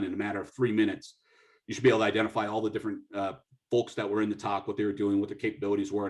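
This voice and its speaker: Middle-aged man telling an animated story. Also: on the low side. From United States. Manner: animated, acts out dialogue, frequent restarts. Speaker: guest speaker, military officer. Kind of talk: storytelling talk.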